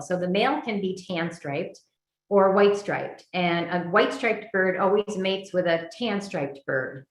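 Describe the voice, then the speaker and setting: Middle-aged new lady giving a chatty bird talk, lowish voice, roomy echo. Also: a bit bright. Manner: chatty, with many fillers and restarts. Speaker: birding workshop presenter. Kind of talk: virtual lecture with slides.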